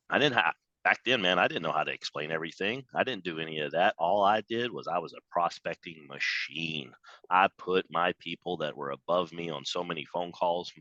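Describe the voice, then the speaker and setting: A man giving a motivational sales training talk over a video call, emphatic and animated, acting out quoted voices. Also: low-pitched, normal speed, dry recording, highs cut off. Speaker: business trainer.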